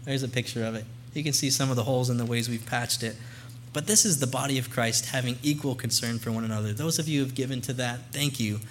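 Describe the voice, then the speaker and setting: A man's voice: medium pitch, quick pace, slight background noise. A young man speaking as a missionary guest to a church congregation, earnest and conversational, into a microphone. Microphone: handheld or stand mic.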